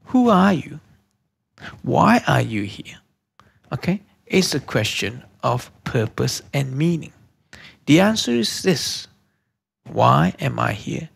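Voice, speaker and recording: A man's voice: medium pitch, sing-song, gravelly, slightly rough. A man teaching a church course lesson, repeating each key question and checking in with "okay?" as he goes. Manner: slow emphatic delivery with hesitant restarts.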